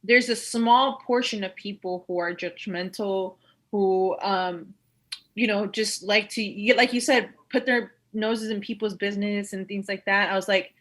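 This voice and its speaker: A woman's voice: mid-range voice, steady tone, unhurried, fairly bright tone. A woman guest on a podcast, chatting casually and filling her speech with "like" and "you know.". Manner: chatty, full of "like" fillers. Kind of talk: casual conversation.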